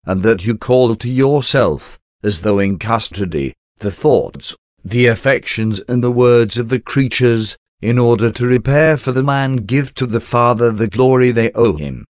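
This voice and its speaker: A man giving a slow, solemn, reverent devotional prayer reading. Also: medium pitch, no room sound, studio quality. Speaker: devotional reader.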